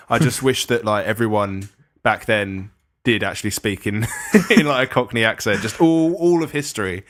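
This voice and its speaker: A man's voice: fairly low pitch, normal speed. A man co-hosting a casual movie podcast, talking loosely and swearing often. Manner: loose, swears a lot, chuckles between jokes. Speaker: podcast co-host. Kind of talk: casual chat.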